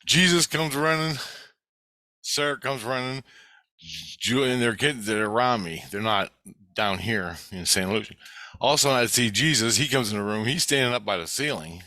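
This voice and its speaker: A man's voice: mid-range voice, moderate pace, pushed and bright, no room sound. A man telling a dream story in a rambling, profane way, acting out the other people's voices. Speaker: vlogger.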